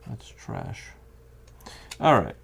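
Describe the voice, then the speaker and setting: Deep creaky guy at a board game table, walking through the rules. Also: wildly swooping pitch, drawn-out words. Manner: explains rules step by step. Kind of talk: casual chat while playing. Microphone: condenser mic.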